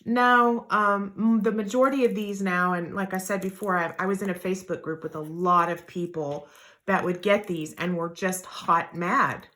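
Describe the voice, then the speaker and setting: A woman's voice: medium pitch, steady tone, moderate pace, sharp tone. A middle-aged woman, chatting candidly through a jewelry unboxing vlog with lots of fillers and asides. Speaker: jewelry reseller vlogger.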